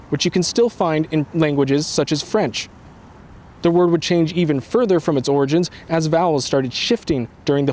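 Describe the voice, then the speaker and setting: Male TV news reporter, measured explainer delivery, slightly high pitch. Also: darkish tone, a little hiss or hum.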